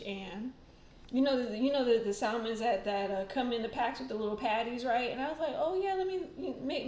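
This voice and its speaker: A woman's voice: medium pitch, a little mellow, reverberant, a little hiss or hum. A woman hosting a casual livestream, chatting. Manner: chatty, rambling, many fillers and laughs. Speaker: tarot channel host.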